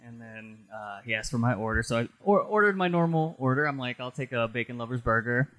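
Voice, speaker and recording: Animated man telling funny stories. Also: medium pitch, fast talker. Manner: animated, laughing storyteller acting out quotes. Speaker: podcast guest. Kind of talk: casual storytelling chat.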